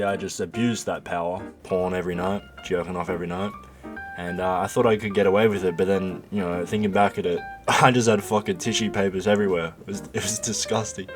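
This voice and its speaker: A young man telling a confessional comedy story in a profane, rambling, excitable way. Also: fairly low pitch. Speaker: vlogger.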